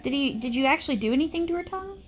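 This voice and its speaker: A woman's voice: sits high, animated, very fast. A young woman co-hosting a casual movie reaction chat, dry and wisecracking, swearing casually. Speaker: co-host of a movie reaction video.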